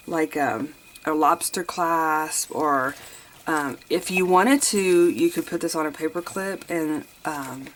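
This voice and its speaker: A woman chatting casually as she crafts, thinking out loud and sniffling a bit. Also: low voice, a little hiss or hum. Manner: chatty, thinks aloud while crafting, addresses viewers as you guys. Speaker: craft tutorial host. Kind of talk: casual crafting tutorial chat.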